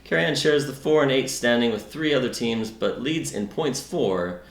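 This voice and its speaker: A man's voice: medium pitch, animated, moderate pace. Dry, sardonic man in a roomy space. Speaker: news-style fantasy league co-host. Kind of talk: mock news recap. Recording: roomy echo.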